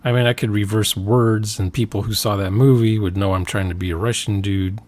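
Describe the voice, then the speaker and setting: A man with a fairly low voice talks loosely about tabletop role-playing, in a relaxed, rambling way. He drifts between thoughts and fills the gaps with small hesitations. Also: fairly quick, dry recording. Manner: rambling, relaxed, trails off with fillers. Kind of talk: casual chat about role-playing games.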